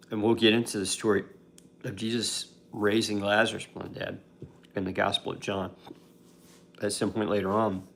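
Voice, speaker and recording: A man's voice: fairly low pitch, creaky, fairly bright tone, a little hiss or hum. A man casually retelling a Bible story as a devotional host, talking conversationally with fillers and restarts.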